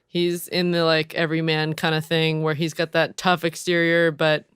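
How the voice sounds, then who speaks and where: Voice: medium pitch, monotone, normal speed, a bit bright, clean tone, no echo, studio quality. A co-host on a casual movie podcast, joking and reacting with short quips. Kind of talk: casual film discussion.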